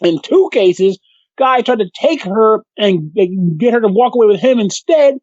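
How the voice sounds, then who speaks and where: Swearing, animated male podcast storyteller. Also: high-pitched, normal speed, no room sound, highs cut off. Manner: animated storyteller, swears freely, acts out the people he quotes. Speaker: podcast co-host. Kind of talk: casual chat.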